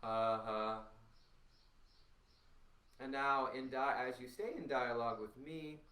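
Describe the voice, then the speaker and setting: A man leading a guided voice warmup as a voice teacher, giving slow, soothing instructions with long pauses, recorded in a room at home. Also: medium pitch. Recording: roomy sound from a distance.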